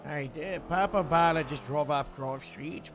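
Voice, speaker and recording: A man role-playing a police captain over radio chatter, halting and full of fillers, using police jargon. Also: a little high, over music.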